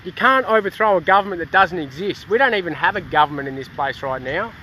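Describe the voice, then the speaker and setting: A man's voice: sits high, lively intonation, quick pace, pushed and bright, slight background noise. An Australian man in a casual activist rant, heated and swearing, with many restarts, recorded outdoors in a town.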